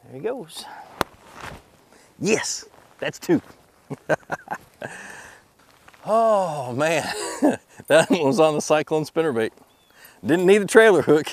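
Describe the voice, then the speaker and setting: A man hosting a fishing video from a boat outdoors, excitable and quick to laugh, talking to the fish as he reels them in. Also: a little high, a little hiss or hum. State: out of breath.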